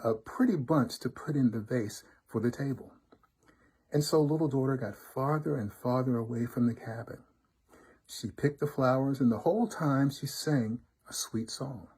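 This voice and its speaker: A man's voice: mid-range voice, normal speed, slightly rough. Man reading a folk tale aloud. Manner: expressive, rhythmic storytelling. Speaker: storybook reader, fraternity member.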